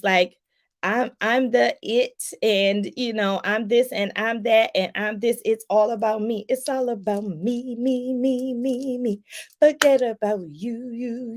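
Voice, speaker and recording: A woman's voice: medium pitch, darkish tone. A woman life coach talking casually to her viewers, chatty and loose, with lots of fillers and acted-out examples. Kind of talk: casual explanatory talk to viewers.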